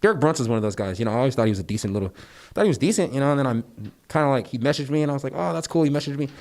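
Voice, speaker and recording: A man's voice: mid-range voice, very fast, a little mellow. A young man, a professional fighter, giving casual interview answers full of brash trash talk and loose filler words.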